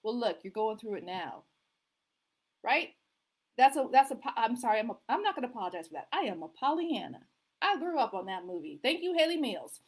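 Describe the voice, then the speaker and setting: A middle-aged woman talks to her viewers in a casual, animated way, as a family mediator giving advice. Her voice sits a bit high, and she often acts out what parents say. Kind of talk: live video talk to viewers.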